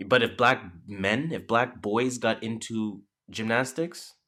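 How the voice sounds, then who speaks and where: A man's voice: fairly low pitch, slow pace, sharp tone. A man with a Toronto accent co-hosting a podcast in laid-back casual chat, swearing freely and leaning on fillers. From Canada. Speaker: podcast co-host.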